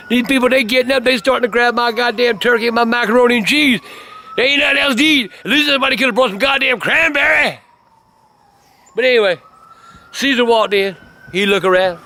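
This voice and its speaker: Casting note: older man, a shouting foul-mouthed grandpa storyteller, high and sharp. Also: quick pace. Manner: loud, cursing, ranting. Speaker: grandfather telling stories. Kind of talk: profane storytelling to camera.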